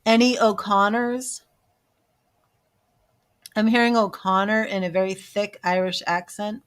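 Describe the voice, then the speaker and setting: A woman's voice: mid-range voice, little pitch movement, unhurried. Chatty woman giving a live psychic reading. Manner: chatty, laughs at herself, drifts into soft murmured asides. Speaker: psychic medium reader.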